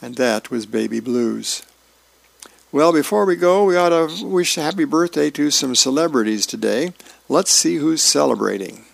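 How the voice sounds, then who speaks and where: A man reads the newspaper comics aloud for a radio reading service, his voice deeply gravelly and full of fry. He takes it easy and folksy, correcting small slips as he goes. The sound is dry and close, with no room around it. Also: expressive, normal speed, no echo.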